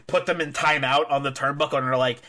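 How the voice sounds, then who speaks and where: Excitable young man, bright and laughing. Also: mid-range voice, fast talker. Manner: animated, laughing, lots of "like" fillers. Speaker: podcast co-host. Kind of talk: casual wrestling podcast chat.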